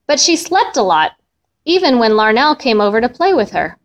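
A woman reading a children's story aloud with an expressive, melodic delivery. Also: on the high side, moderate pace. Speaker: storybook reader.

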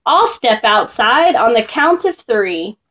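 Lady doing a lazy stubborn groundhog guy from a storybook, slow and sleepy. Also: a little high, sing-song, fairly bright tone, full character voice. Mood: cheerful.

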